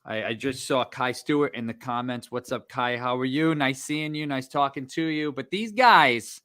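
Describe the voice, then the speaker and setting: A man with a bright, forward-sounding voice co-hosting a podcast. He gives short, laid-back shout-outs to people in the comments. The recording is dry and close. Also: medium pitch, normal speed, dry recording. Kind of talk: casual chat.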